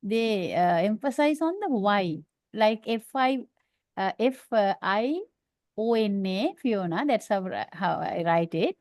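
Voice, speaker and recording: A woman's voice: mid-range voice, expressive, slow pace, a little mellow, no echo, studio quality. A woman from Sri Lanka speaking as a student in a class, polite and hesitant, with many fillers. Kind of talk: class participation.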